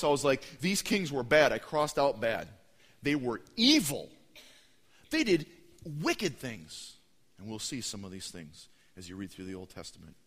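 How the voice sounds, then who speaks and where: A young man preaching a sermon, telling stories with lively acted-out voices. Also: mid-range voice. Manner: animated storytelling, acting out voices. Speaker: pastor. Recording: long hall reverb.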